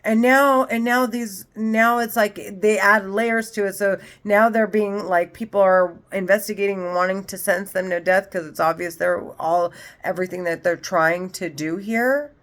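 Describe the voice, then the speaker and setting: Lady in her 40s ranting straight to camera, fired up, swearing a lot, medium-pitched voice. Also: steady tone, moderate pace, fairly bright tone. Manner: heated, profane, repetitive rant. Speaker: vlogger. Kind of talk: unscripted monologue to camera.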